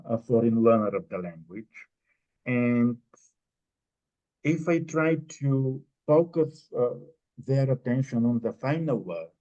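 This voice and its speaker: A man presenting at a conference, answering an audience question in a measured, explanatory way with many pauses. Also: mid-range voice, a little mellow. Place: conference room. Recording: dull lo-fi recording.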